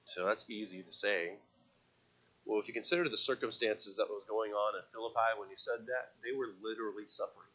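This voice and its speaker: A man preaching a sermon to a congregation, swinging from quiet, conversational stretches to loud, impassioned calls with repeated words. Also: lowish voice. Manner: asks the congregation to read aloud with him. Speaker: pastor.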